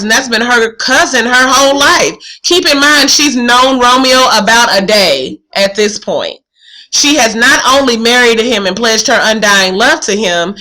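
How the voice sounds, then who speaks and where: Bright, high-voiced woman teacher thinking aloud. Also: poor audio. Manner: casual, questioning, thinks aloud. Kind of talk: thinking-aloud literature lesson.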